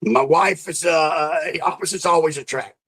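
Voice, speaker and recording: A middle-aged man with a Southern US drawl rambles through a casual interview, swearing freely and restarting his sentences. His voice is bright and forceful and sits a little high for a man. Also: moderate pace, breathy edge, low-quality recording. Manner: rambling, profane, with many restarts. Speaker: guest.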